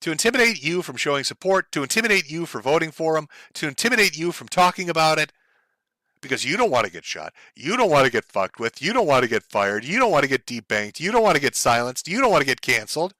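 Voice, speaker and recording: This is a man in a livestream commentary rant, and his voice sits a little high with a bright, cutting edge. He is blunt and sarcastic, and he swears freely while he gets heated. His voice sounds close and dry. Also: big pitch swings, fast, dry recording. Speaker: streamer host.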